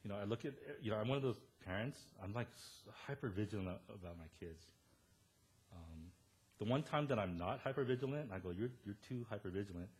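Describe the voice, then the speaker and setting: A man in his thirties preaching a sermon as pastor, animated and storytelling, quoting the people he talks about. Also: fairly low pitch, fairly quick, breathy edge.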